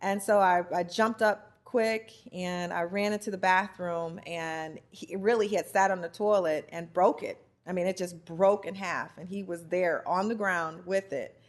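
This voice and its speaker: A woman from the United States sharing her experience as a spouse, earnest and halting with many restarts. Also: lowish voice, steady tone. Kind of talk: heartfelt personal testimony.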